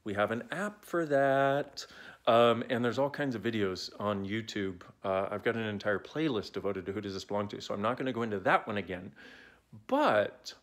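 In a casual talk to camera, a self-help speaker in his forties coaches his viewers through a phone held at arm's length. His voice is lowish and moderately paced, and he's playful and prone to digressions.

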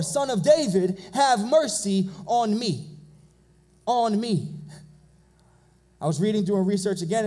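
Fervent high-voiced preaching man. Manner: fervent preaching, repeating phrases and rising to shouts. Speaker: pastor. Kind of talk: sermon. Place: church sanctuary.

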